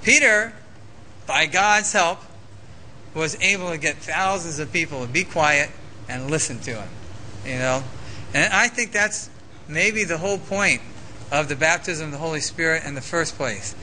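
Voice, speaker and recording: A man preaching a sermon as pastor, animated and conversational, with frequent "okay?" asides. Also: a little high, a little slow, slight background noise, low-quality recording.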